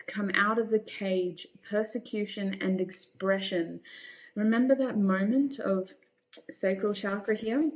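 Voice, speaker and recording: A woman's voice: medium pitch, a little mellow. A woman reading tarot cards for her viewers, speaking in a reassuring, encouraging way and calling them honey. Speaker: tarot reader.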